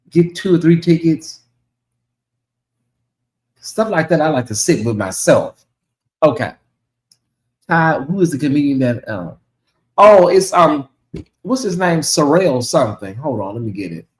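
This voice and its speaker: A man hosting his own livestream, chatting casually and reacting out loud to messages from viewers. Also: on the high side, moderate pace, long pauses, reverberant, poor audio. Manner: chatty, animated, reacts aloud to comments. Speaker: channel host.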